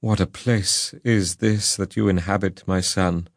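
A man voicing a grieving, kindly older father with a gentle, mournful manner in an audiobook reading. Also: sits low, steady tone, unhurried, dry recording, clean studio sound.

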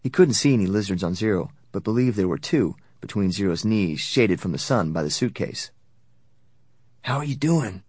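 A man narrating a novel in a steady, even storytelling voice that sits low. The recording is dry and close, with no room around it. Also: fairly quick, few pauses, husky, no room sound. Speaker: audiobook narrator. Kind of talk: scripted narration.

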